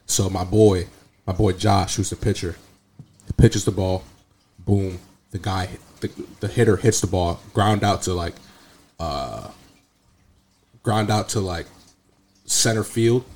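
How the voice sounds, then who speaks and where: A young man casually telling an animated, slangy story full of profanity. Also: low voice, slow, long pauses. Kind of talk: casual chat.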